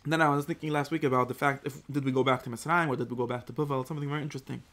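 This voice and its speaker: A man teaching an informal Torah class, lively and acting out the verses. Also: mid-range voice, racing. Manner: animated, acts out the verse in God's voice.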